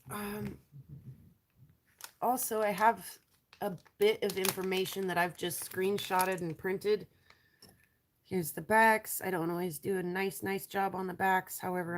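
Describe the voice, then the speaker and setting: A woman with a stuffy nose and a raspy voice from allergies, chatting casually on a live stream as she shows rocks and trails off with ums. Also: medium pitch. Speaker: lapidary showing rocks to viewers.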